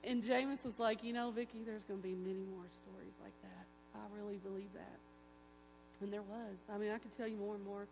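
A woman giving an emotional, folksy church testimony, telling stories with animated delivery. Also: mid-range voice, brisk, slight background noise. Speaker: testimony speaker.

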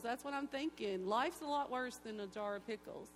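A woman giving an emotional, folksy church testimony, telling stories with animated delivery. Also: fairly high pitch, moderate pace. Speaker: testimony speaker.

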